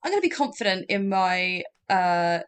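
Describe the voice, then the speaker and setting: A woman's voice: medium pitch, lively intonation, normal speed, clean tone. A woman, co-hosting a podcast, playful, reacting and swearing casually. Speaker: podcast co-host. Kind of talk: casual chat.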